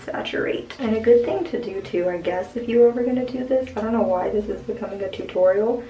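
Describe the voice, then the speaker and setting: A woman's voice: mid-range voice, fast talker, over music. A young woman casually explaining how she dyes her own hair, rambling with many fillers. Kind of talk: casual home tutorial. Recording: echoey room from far off.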